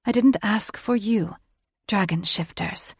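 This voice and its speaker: A cold, condescending fae queen, as a woman narrator puts her on hands down clipped orders in a slightly raised, commanding voice. The delivery is measured and unhurried. The sound is dry and close, with no room around it. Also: mid-range voice, husky, dry recording, full character voice. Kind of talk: audiobook character voice.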